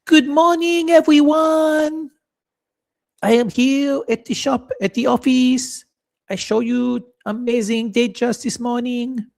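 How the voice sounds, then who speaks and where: A man's voice: very high-pitched, steady tone, takes it slowly, creaky, darkish tone, pitched above the performer's own voice, heavily acted. A man voicing a chirpy woman with a French-Israeli accent, greeting viewers in a sing-song way. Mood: cheery.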